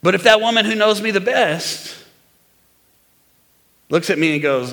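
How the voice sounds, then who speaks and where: Bright-voiced preacher in a reverberant hall. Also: male voice, sits high, measured pace, long pauses. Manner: animated preaching, prompting the crowd for amens. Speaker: pastor. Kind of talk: sermon.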